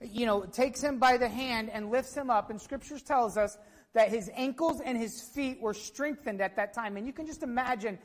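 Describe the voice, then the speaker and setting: A woman's voice: fairly high pitch, normal speed, big-room sound. A woman preaching a sermon to her congregation, telling the story with energy and putting questions to the listeners.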